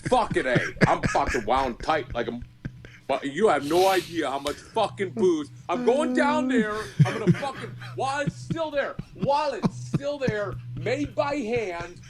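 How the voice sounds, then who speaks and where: Man, high voice, very animated pitch, drinking, loud profane rambling rant. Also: measured pace, music in the background. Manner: loud, swearing nonstop, rambling. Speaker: regular guest.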